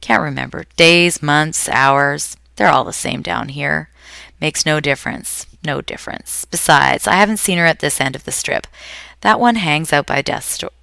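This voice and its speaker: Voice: medium pitch, normal speed, gravelly, pushed and bright, dry recording, studio quality. A reader voicing a blunt, impatient old homeless woman on a park bench. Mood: gruff.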